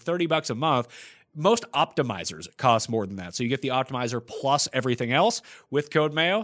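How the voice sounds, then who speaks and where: A man's voice: mid-range voice, fairly bright tone. A man hosting a podcast in casual chat, answering listener questions one after another in a blunt, profane way. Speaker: podcast host.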